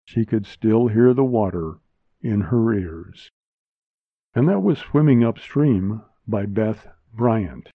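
A man narrating a short story as a volunteer reader, in a measured, hushed delivery recorded with a dull, lo-fi sound on a close mic. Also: fairly low pitch, expressive, no room sound. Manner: slow, measured, hushed reading. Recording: dull lo-fi dry studio sound.

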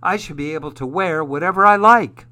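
A man's voice: fairly high pitch, a little slow. A man voicing an eager, pleading little boy in a read-aloud storybook. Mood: hurt. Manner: excited, pleading. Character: eager little boy who loves skirts.

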